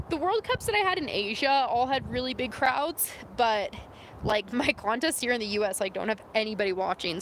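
A young woman from California chatting on a phone livestream inside her van, playful and talkative. Her voice sits high and sounds bright and forward. A faint hiss of background noise runs under her talk. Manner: chatty and playful, tries out mock accents. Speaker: vlogger and snowboarder. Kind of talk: casual livestream chat. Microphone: phone camera.

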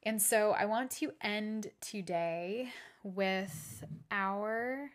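A woman's voice: mid-range voice, very slow. A woman hosting a solo podcast, talking in an earnest, reflective way with fillers and the odd curse word. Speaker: podcast host.

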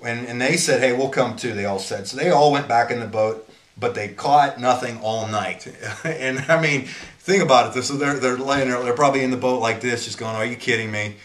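Man, mid-pitched, informal Bible teacher, earnest and rambling, recorded in an echoey room. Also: normal speed, a bit bright. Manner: earnest, rambling, often restarts sentences.

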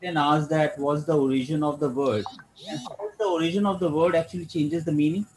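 A man's voice: fairly high pitch, steady tone, brisk, a little hiss or hum, low-quality recording. A man asking a question on a video call, hesitating with a lot of fillers.

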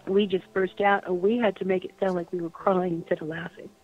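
A woman's voice: on the low side, fairly even intonation, fairly quick. An older woman, a guest on a radio interview, remembering aloud in a reflective way, repeating phrases and trailing off. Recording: dry tinny phone line.

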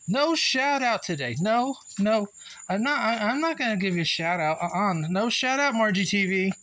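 A man's voice: high-pitched, expressive, moderate pace, bright, forceful tone. A man vlogging casually at home, chatting to viewers and teasing his dog in a rambling way. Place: home yard and house, partly outdoors.

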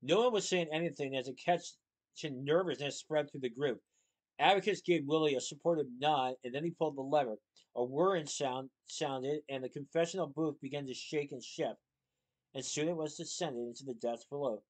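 A man reading a children's novel aloud in a plain, steady storytelling manner. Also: on the high side, fairly quick. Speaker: reader.

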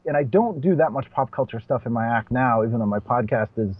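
A man's voice: medium pitch, fast, breathy edge, no echo. A man from Boston, a stand-up comedian, talking casually as a podcast guest, restarting sentences and laughing between points. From Boston, USA. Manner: chatty, self-correcting, laughs between points. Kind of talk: casual conversational interview. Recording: dull, muffled podcast audio.

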